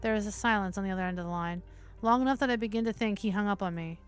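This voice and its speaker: A female host reads a visual novel on stream in a clear, resonant, mid-range voice, racing through the text. Faint music plays behind her, and her steady narration is punctuated by casual swearing between passages.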